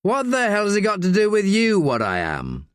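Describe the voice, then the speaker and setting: A man's voice: mid-range voice, wildly swooping pitch, moderate pace, no echo, clean studio sound. A man voicing a reserved young male student who speaks carefully. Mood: guarded. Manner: careful, restrained.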